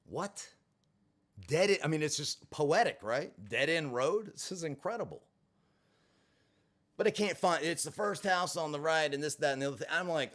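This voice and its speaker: A man's voice: on the high side, moderate pace. A man telling a personal story in a vlog, swearing freely and adding sarcastic asides. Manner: expressive, profane, sarcastic asides. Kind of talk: animated storytelling monologue.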